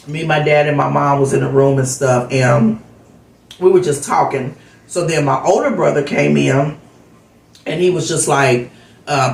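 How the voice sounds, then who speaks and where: A woman's voice: low-pitched, unhurried, creaky, far from the mic. A woman vlogger telling a heartfelt story in a casual, rambling way with lots of fillers, recorded off-mic in an echoey room. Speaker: vlogger host.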